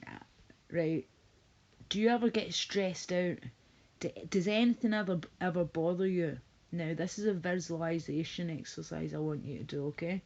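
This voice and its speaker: A woman's voice: on the low side, moderate pace, darkish tone, lo-fi sound. A woman streaming live, casually chatting with viewers in a blunt, sweary, teasing way.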